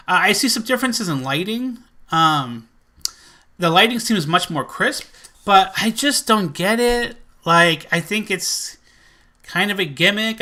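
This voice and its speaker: A man chatting casually in a collection vlog, rambling and excitable, full of fillers. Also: high voice. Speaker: movie collector vlogger.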